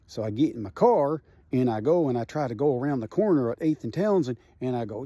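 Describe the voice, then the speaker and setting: A middle-aged man tells a story with a husky, mellow voice. He talks in an animated, profane way and keeps checking in with his listener. The sound is dry and close. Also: medium pitch, fairly quick, few pauses, no echo. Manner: animated, profane, frequent "right?" tags. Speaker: comedian telling a personal story. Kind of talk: casual storytelling.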